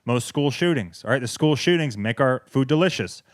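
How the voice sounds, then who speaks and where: A man's voice: medium pitch, expressive, brisk, no echo, clean studio sound. A man, hosting a podcast and ranting sarcastically with heavy swearing. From American South. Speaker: podcast host. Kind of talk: comedic rant. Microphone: wireless clip-on mic.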